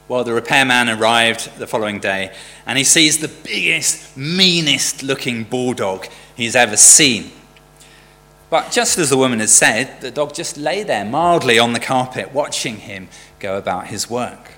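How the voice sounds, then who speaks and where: A man's voice: medium pitch, expressive, normal speed, bright, forceful tone. A man preaching a sermon in a conversational storytelling way. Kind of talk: sermon with a joke. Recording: church hall reverb with faint hum.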